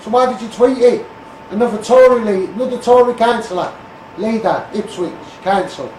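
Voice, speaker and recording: A high-voiced man with a Scouse accent rants bluntly and repeats himself, calling people out one after another. He sounds set back from the mic in a roomy, echoing space with a faint hum of surroundings behind him. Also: normal speed, darkish tone, far from the mic. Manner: blunt, repetitive, calls people out by name and asks "mate". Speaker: street campaigner. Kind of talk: ranting political monologue.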